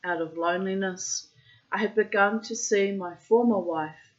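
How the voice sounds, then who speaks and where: A woman reading a literary short story aloud in first person, with slow, measured narration. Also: medium pitch, dull audio. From child of migrants. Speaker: reader.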